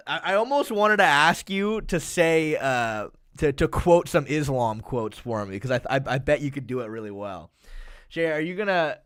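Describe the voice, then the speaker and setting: A man's voice: a little high, fairly bright tone, smooth. Rambling American streamer, a man. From USA. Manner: rambling, filler-heavy, swears freely. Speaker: livestream host. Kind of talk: casual chat.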